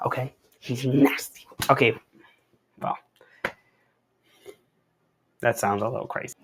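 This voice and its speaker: A man's voice: medium pitch, fairly even intonation, moderate pace, creaky, pauses often, background noise. A young adult man reading a comic aloud and chatting about it. He talks in easy slang with laid-back, hedging asides. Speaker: comic reader and commentator. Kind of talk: casual comic read-along commentary.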